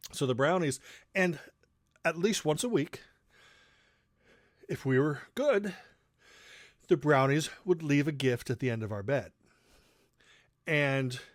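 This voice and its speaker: A man's voice: mid-range voice, no echo, clean studio sound. A middle-aged man casually telling childhood stories, rambling with fillers and acting out quoted lines. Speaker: channel host. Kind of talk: casual storytelling.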